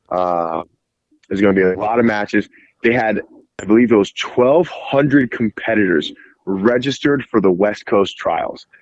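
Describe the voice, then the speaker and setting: A lower-pitched man tells a lively story on a podcast, loose and casual, with fillers scattered through his talk and a curse here and there. The sound is a bit dull and lo-fi. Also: dry recording. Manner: animated, heavy "like" fillers, acts out quoted dialogue, swears casually. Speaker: podcast guest, jiu-jitsu referee.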